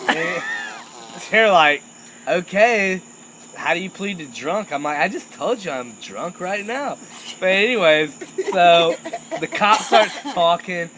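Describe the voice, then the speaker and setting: A young man telling a crude, animated comic anecdote and laughing at his own jokes. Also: high-pitched, slow pace, background noise. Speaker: storyteller.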